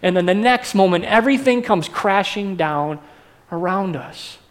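Male pastor, high-pitched, conversational sermon delivery with questions to the congregation. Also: animated, normal speed.

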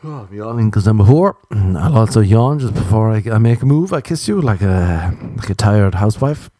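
A man's voice: animated, normal speed, warm tone, dry recording, studio quality. A young Irish man telling self-deprecating comic stories in a casual monologue. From Ireland. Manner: self-deprecating, jumps into silly high voices for quotes.

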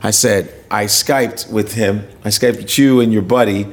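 A man's voice: on the low side, steady tone, measured pace, husky. A man from the United States, a standup comedian guest telling stories in a casual podcast chat, swearing freely and acting out his friends' voices.

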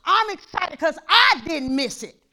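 A woman pastor preaches a fervent sermon in a church. Her voice sits high and leaps all over its range. She hammers repeated phrases, sinking to near-whispers and then climbing into shouts. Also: lively intonation, a little slow. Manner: impassioned, repeats phrases, swings from hushed to shouting.

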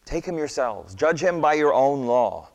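A man's voice: medium pitch, lively intonation, a little slow, darkish tone, lo-fi sound, pitched above the performer's own voice. A man voicing a stern, anxious Roman governor who raises his voice and presses with questions. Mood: demanding. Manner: demanding, raised voice. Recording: long hall reverb.

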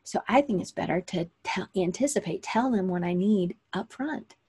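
A woman's voice: medium pitch, expressive, normal speed, dark tone, husky. A woman hosting a live online session, talking casually in a chatty, rambling way with many fillers and self-corrections. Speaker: host of a live online session for creative business owners. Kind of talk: casual livestream talk.

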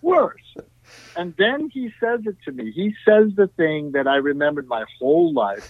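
A man, a guest musician, telling animated stories in a podcast interview, full of "you know" and "right?". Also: a little high, moderate pace, dry recording. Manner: animated, tag questions, frequent "you know". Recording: tinny dry phone-like line.

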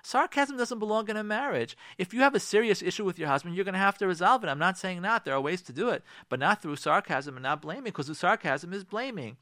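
A man's voice: high-pitched, expressive, quick pace, few pauses, sharp tone, no room sound, studio quality. A man speaking as a rabbi on a radio talk show, giving emphatic marriage advice with repeated rhetorical questions and frequent restarts.

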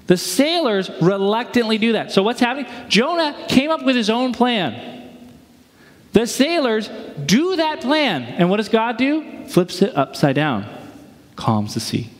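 A man's voice: very high voice, sing-song, a little slow. A male pastor giving a sermon in a casual, conversational way with slang and rhetorical questions, in a church. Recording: long hall reverb.

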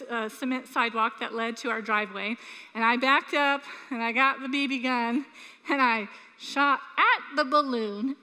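A woman preaches with a high, bright voice that rings out across a church hall with a long reverb. She tells a childhood story with animated energy, then turns to earnest appeals to her listeners. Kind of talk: sermon with personal story.

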